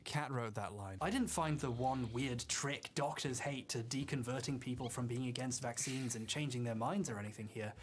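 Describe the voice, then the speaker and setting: A man's voice: medium pitch, moderate pace, few pauses, soft background music. Man narrating a wry video essay. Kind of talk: scripted narration.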